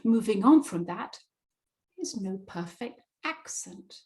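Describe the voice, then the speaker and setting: A British woman giving a webinar as a presentation skills coach, speaking deliberately with emphatic pauses and stressed words. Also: medium pitch, expressive, darkish tone, poor audio. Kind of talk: webinar talk.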